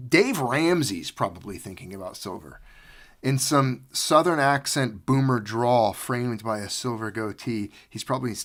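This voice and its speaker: A man's voice: mid-range voice, a bit bright. A man hosting an unscripted livestream, rambling sarcastically with frequent restarts. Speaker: livestream host.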